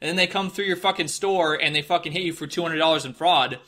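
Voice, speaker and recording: This podcast host is a young Midwestern American man whose voice sits on the high side, bright and forceful, moving at a quick clip. He tells stories in a loose, swearing, wandering monologue, frequently putting on voices to mock people.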